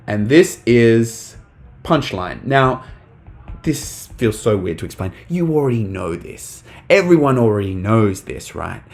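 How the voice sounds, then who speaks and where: Young male teacher, lowish pitch, relaxed live-stream delivery, frequent ums. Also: measured pace. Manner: casual, talks to chat, many fillers. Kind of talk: live online English lesson.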